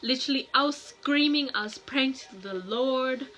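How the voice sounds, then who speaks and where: A young woman vlogger frankly telling a personal story to camera in a casual, animated way, acting out what people said. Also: sits high, normal speed, a crowd in the background. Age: young adult. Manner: frank, animated, acts out quoted voices.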